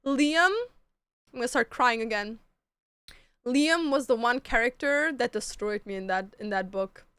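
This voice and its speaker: A woman's voice: on the high side, normal speed, fairly bright tone, clean tone, no echo. A woman streamer chatting casually with her chat, gushing about books and shows and swearing freely. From Canada.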